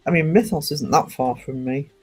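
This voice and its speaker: A man chats casually on a live stream. He rambles with plenty of ums and false starts, his voice pitched a little above the usual male range. Soft music plays faintly behind him. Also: normal speed, husky. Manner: rambling and chatty, with many ums and restarts.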